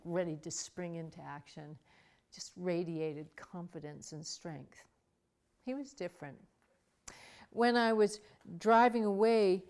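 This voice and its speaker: An older woman telling a personal story in a wry, dramatic way, soft music behind her. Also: fairly low pitch. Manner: wry, dramatic, with acted asides.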